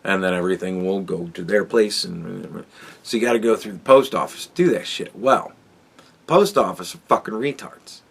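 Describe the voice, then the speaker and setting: A man's voice: low-pitched, moderate pace, creaky, husky. A man hosting a podcast, telling a rambling, profane story in a casual monologue. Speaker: podcast host.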